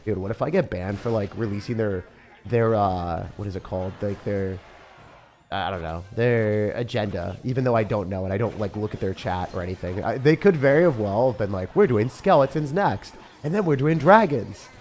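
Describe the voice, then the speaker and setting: Excitable young man doing gameplay commentary. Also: fairly low pitch, normal speed, a little hiss or hum. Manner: excitable, frequent disbelief outbursts, calls viewers dude and bro. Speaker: gaming creator.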